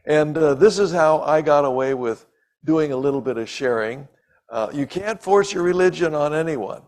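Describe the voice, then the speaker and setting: A man's voice: on the high side, moderate pace, a little mellow. An older man giving a storytelling sermon in a conversational way, with frequent ums and asides. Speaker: preacher and missionary.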